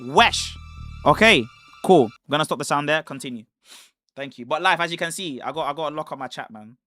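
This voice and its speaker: A man's voice: a little high, expressive, a little fast, bright, forceful tone, dry recording, faint music behind. A man hosting a live stream, reacting to a debate clip and joking emphatically with his chat. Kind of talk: casual live-stream commentary.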